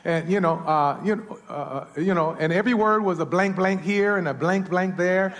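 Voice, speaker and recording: A man's voice: sits high, normal speed, fairly bright tone, long reverb tail. A man preaching a sermon as a pastor, often repeating words and calling for amens from the congregation.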